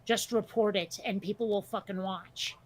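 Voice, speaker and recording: A woman's voice: medium pitch, fairly even intonation, normal speed. A woman co-hosting a casual podcast chat, talking bluntly, swearing freely and telling stories with energy. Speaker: podcast co-host.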